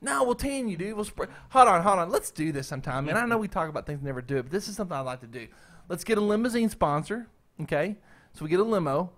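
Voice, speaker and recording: A man hosting a casual group chat, talking excitedly and pitching wild schemes in slangy speech. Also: fast talker.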